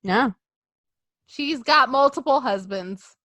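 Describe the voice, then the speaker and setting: A woman co-hosting a casual wrestling podcast. She speaks slowly, with a bright and lively pitch that swings widely. She keeps laughing and acts out other people's lines in jokey voices, on a dry, close mic. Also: no echo. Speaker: podcast co-host.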